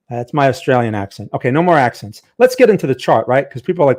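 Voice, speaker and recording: A man's voice: mid-range voice, expressive, fast, few pauses, darkish tone. A man with a New Jersey accent hosting a live-stream trading lesson, chatty and talking straight to his chat viewers. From Northern New Jersey, USA.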